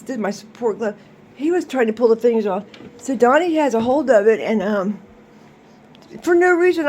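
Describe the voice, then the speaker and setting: A woman vlogging, telling a rambling, animated story and laughing often as she talks. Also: fairly high pitch, slight background noise. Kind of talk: casual storytelling to camera.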